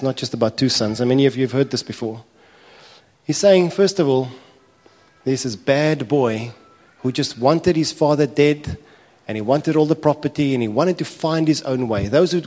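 Man preaching in echoey hall. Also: fairly high pitch. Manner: animated storytelling, acting out characters' complaints. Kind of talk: sermon.

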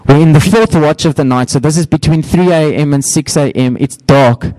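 Middle-aged male pastor, warm dark tone, dry close sound, lively storyteller. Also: moderate pace, dry recording, rough recording. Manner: storytelling, acts out quotes with raised pitch. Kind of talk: sermon.

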